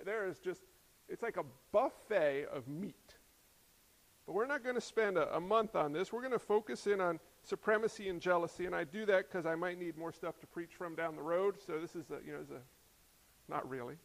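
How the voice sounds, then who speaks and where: High-voiced man preaching in a hall. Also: normal speed. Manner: conversational preaching with humorous asides. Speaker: pastor. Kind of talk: sermon.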